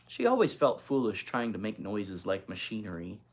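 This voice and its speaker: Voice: mid-range voice, wildly swooping pitch, moderate pace. A reader narrating a children's chapter book aloud, adding chatty asides to young listeners. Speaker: storybook reader.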